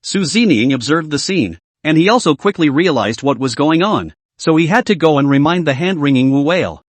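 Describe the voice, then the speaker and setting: A man's voice: on the high side, lively intonation, a little fast, no room sound. Guy narrating a manhwa recap, dramatic, dry close sound.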